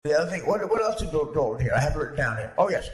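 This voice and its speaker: A prim, snobbish older society aunt, put on by a man, gossiping and giggling at her own barbs. The voice sits high and swoops up and down in a lively way. It is heard in an echoey room, as in an improvised comedy podcast. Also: racing. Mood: haughty gossip. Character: snobbish wealthy older aunt, bigoted and fussy. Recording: roomy echo.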